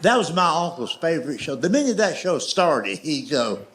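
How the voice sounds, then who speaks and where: Man, stand-up storyteller, animated pitch, folksy drawl. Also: normal speed. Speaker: stand-up comedian. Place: comedy stage with audience laughter.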